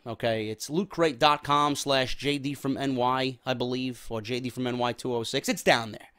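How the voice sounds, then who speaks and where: A man's voice: mid-range voice, a bit bright. Rambling casual male wrestling vlogger. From New York. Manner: loose, rambling, swears casually, repeats words. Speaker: wrestling show host. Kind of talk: casual YouTube chat.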